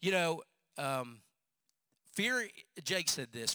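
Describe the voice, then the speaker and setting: A male pastor preaching a sermon as an animated storyteller who repeats phrases for emphasis. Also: medium pitch, slow, long pauses, no room sound.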